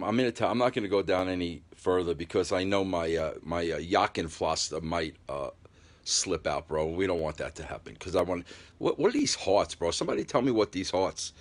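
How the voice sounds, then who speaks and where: Guy with a real low voice rambling on a phone livestream at home, lots of uh and bro, reading chat out loud. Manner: loose, rambling talk with "bro" and many fillers; reads viewer comments aloud and replies. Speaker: livestream host. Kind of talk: casual live-stream chat. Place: at home, just out of the shower.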